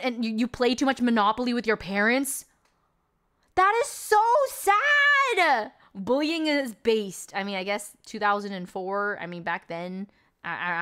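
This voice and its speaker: This is a young adult woman on stream with a fairly high, fairly bright voice, casually going over a movie's plot. She rambles through a lengthy story, sounding incredulous and leaning on lots of fillers.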